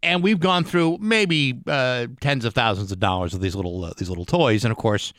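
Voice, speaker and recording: A man's voice: medium pitch, normal speed, fairly bright tone, no echo, clean studio sound. A man hosting a morning radio show, chatting casually in a rambling way with frequent restarts. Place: radio studio.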